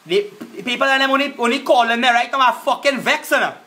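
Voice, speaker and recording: A man's voice: extremely high pitch, quick pace, bright, forceful tone. A man with a Trinidadian accent ranting on a live stream, cussing and repeating himself as he confronts people. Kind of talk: angry live-stream rant.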